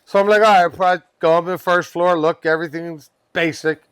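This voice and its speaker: The pest control worker's fairly high, smooth, somewhat bright voice moves a little fast with fairly even intonation in a dry recording. As a guest on a comedy podcast, he animatedly recounts a wild job story, cursing freely and laughing along.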